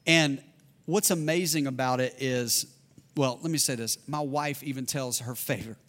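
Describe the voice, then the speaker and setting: A man delivering a sermon in an earnest, conversational way. He comes back to key phrases to drive them home, and his delivery swings between loud proclamations and quiet, intimate passages. His voice sits in an ordinary middle register. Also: medium pitch, normal speed. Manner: earnest, repeats lines for emphasis, shifts between loud and hushed. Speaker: pastor.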